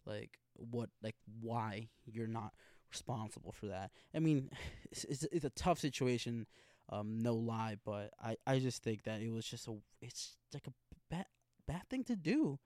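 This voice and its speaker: A young man talks casually into a close microphone in a dead, dry room. He runs through his notes on an episode in a slangy, profane way. His voice stays at an ordinary, mid-level pitch for a man. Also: lively intonation, a little slow, darkish tone, dry recording. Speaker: TV episode reaction host. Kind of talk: casual recap reading from notes.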